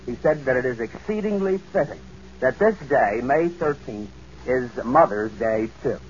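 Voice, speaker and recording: A man reporting live as a radio news correspondent, formal and measured, with the odd slip. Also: mid-range voice, expressive, slight background noise. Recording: muffled 1940s radio broadcast.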